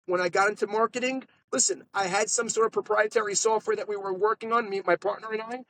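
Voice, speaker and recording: A man, a podcast guest telling sales stories in a lively, animated way. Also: sits high, slight background noise, low-quality recording. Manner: animated salesman storytelling, quick asides. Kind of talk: casual storytelling interview. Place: podcast studio.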